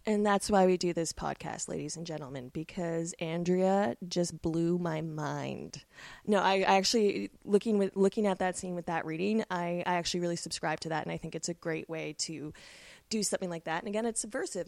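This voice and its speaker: Woman from canada on a movie podcast, lowish gravelly voice, dry close sound. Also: a little fast, a little mellow, no echo. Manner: enthusiastic, analytical, swears casually. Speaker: podcast co-host. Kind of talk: casual film discussion.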